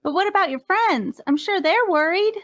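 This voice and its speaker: Woman playing a shy little prairie girl, squeaky and wide-eyed, swoopy pitch. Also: expressive, normal speed, dry recording, clean studio sound. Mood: timid. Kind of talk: comedic live reading of fan fiction.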